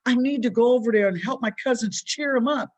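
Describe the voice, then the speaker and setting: Young boy, played by a woman, urgent, excited, high pitched, raised voice. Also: brisk, recorded from a distance, natural voice. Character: eager young boy rushing to help.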